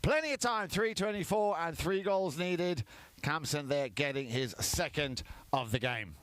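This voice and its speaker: A man giving chatty live commentary on a polo match, lifting in excitement at goals. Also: on the high side, unhurried.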